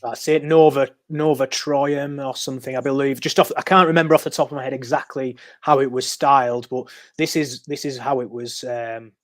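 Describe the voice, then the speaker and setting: A man with a medium-pitched, steady voice speaks briskly with hardly any pauses as a podcast guest, recorded with no echo. He explains history conversationally, like telling a story, with frequent ums and restarts.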